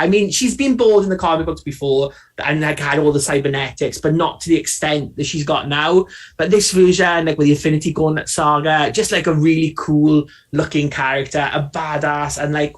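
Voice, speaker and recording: A man co-hosting a livestream, talking casually and enthusiastically with lots of "like" fillers. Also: a little high. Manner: rambling, filler-heavy enthusiasm. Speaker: co-host.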